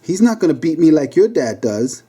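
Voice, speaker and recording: A man's voice: fairly high pitch, big pitch swings, moderate pace, dark tone, breathy edge. A man voicing a cocky eleven-year-old boy who needles his friends in a storybook reading. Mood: taunting. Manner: mocking, needling.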